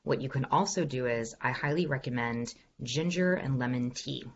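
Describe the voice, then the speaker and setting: A woman's voice: a bass voice, moderate pace, slight background noise. Upbeat woman coaching over a dull video call. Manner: upbeat, encouraging coaching with demonstrations. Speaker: executive voice coach. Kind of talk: online workshop Q&A.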